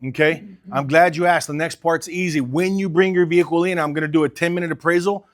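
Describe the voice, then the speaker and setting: A man's voice: on the high side, fairly even intonation, quick pace. A man coaching car salespeople, talking with energy and urgency and acting out sales calls. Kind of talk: sales training talk.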